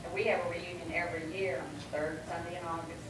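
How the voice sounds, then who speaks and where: A tearful woman giving an emotional, halting speech to her family reunion, often repeating her words. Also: on the low side, level tone. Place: reunion gathering hall. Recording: echoey hall from far off with loud noise.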